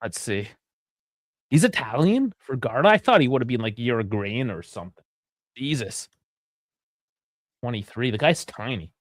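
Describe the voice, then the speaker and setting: A young man hosting a live football watch-along, chatty and rambling, swearing freely and bursting into shouts at big chances. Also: mid-range voice, sing-song, moderate pace, pauses often, dry recording, studio quality. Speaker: live stream host.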